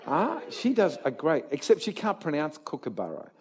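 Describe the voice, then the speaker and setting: A man preaching a sermon to a live congregation, swinging from quiet talk to shouted exhortation and firing rhetorical questions at the crowd. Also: a little high, wildly swooping pitch, moderate pace. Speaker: pastor. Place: church service before a live congregation.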